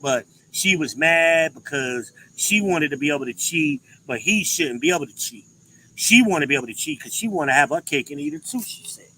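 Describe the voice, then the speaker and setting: A man's voice: fairly high pitch, lively intonation, a little fast, bright, forceful tone, a little hiss or hum, rough recording. A man hosting a show, giving a blunt, profane commentary with emphatic inflections. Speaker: podcast host. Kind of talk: ranting commentary.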